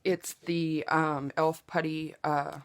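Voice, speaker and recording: A Southeast Oklahoma beauty vlogger speaks slowly in a low voice with little pitch movement during a casual makeup tutorial. Seated at her home makeup table with the window open, she stays chatty and self-joking. Whenever she applies products, she drops to a whisper.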